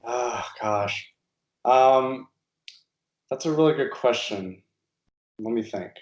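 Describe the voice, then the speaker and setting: A man's voice: mid-range voice, slow pace. A man from Nebraska, a guest designer, answering interview questions in a thoughtful, hesitant way with many fillers. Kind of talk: casual interview. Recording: roomy echo.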